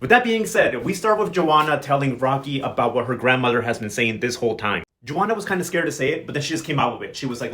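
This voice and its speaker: A man's voice: mid-range voice, expressive, fast talker, few pauses, a bit bright. A man giving a casual telenovela recap, sassy and slangy, telling the story with dramatic flair. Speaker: recap vlogger.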